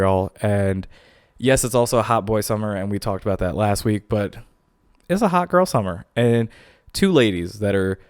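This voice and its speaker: A young man hosting a podcast, talking casually in animated, incredulous, jokey rants to his listeners. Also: fairly low pitch, smooth, dry recording, clean studio sound. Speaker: podcast host.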